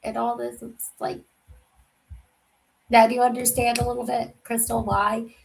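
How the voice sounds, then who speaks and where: A woman hosting a casual livestream chat who talks in a soft, rambling way and often trails off. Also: fairly high pitch, little pitch movement, measured pace, gravelly, poor audio. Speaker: livestream host.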